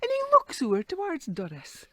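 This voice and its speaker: Animated Doric woman storyteller. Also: very high voice, moderate pace, no echo, studio quality. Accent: Doric Scots. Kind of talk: oral folktale telling.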